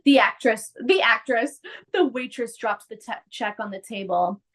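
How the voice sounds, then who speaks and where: A woman hosting a podcast, casually recapping an episode with lively acted-out quotes. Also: fairly high pitch, moderate pace. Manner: animated, acts out quotes, laughs often. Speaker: podcast host.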